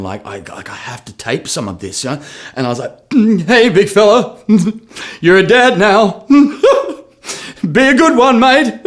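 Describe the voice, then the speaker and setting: An Australian man in his thirties raps a line, then drops into relaxed behind-the-scenes talk about what it means. His voice sits at an ordinary pitch. He tells stories animatedly and often jumps into loud re-enactments. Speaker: rapper explaining his lyrics. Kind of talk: casual behind-the-scenes talk with rapped lines.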